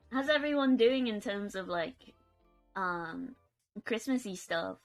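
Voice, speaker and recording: A woman's voice: mid-range voice, animated, drawn-out words, soft background music. A young woman chatting casually on a live stream, giggling often and reading out chat. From United Kingdom.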